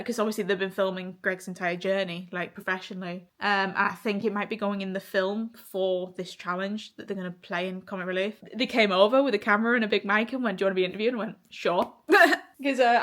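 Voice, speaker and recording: A young woman talks casually to camera in a personal vlog. She is chatty and candid, swears freely and laughs often. Her voice sits at an ordinary pitch for a woman. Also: a bit bright. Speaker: vlogger.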